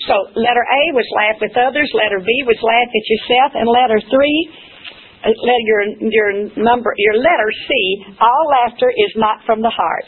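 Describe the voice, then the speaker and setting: A middle-aged woman giving an informal sermon to a church group, telling stories in a chatty, lively way and laughing often. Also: fairly high pitch, moderate pace. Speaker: church speaker. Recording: tinny phone-like church recording.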